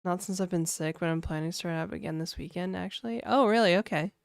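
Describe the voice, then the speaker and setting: Woman streamer, low-pitched, unhurried delivery, casual chat with viewers, dry close sound. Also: creaky, dry recording. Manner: laid-back, chatty, full of "like" and "dude", laughing often. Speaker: game developer streamer.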